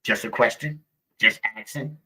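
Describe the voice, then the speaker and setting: A man's voice: medium pitch, normal speed, pushed and bright, husky. A man hosting a live stream, talking to viewers in a preachy, repetitive way and calling them baby, with speech. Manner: preachy, repeats himself, calls viewers baby. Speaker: live show host.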